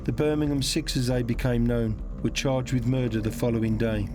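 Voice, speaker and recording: A man giving scripted documentary narration in a measured, even manner. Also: mid-range voice. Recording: narration over clear background music.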